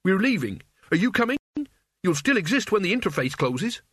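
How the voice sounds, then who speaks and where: A man's voice: high-pitched, big pitch swings, normal speed, fairly bright tone, breathy edge, no room sound, clean studio sound, pitched above the performer's own voice, heavily acted. A man reading an audiobook, voicing a tired but determined young man who speaks wearily and firmly. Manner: weary, firm.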